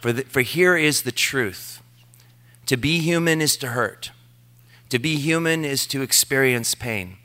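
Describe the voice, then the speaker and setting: A middle-aged male pastor delivers a sermon in a bright, crisp, clear voice. He is earnest and tells personal stories with self-deprecating asides. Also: mid-range voice, measured pace.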